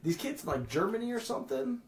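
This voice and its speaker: Podcast guest guy rambling, lots of "like", bit higher voice, roomy echo. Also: sing-song, fast, slight background noise. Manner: rambling, full of "like" and restarts. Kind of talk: casual chat.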